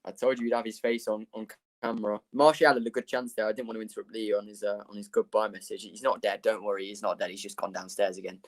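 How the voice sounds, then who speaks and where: A man's voice: on the low side, little pitch movement, fast, few pauses. A young man hosting a live football watchalong, chatting casually with viewers and rambling between bursts of commentary. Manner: chatty, rambling, laughs often. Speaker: livestream host.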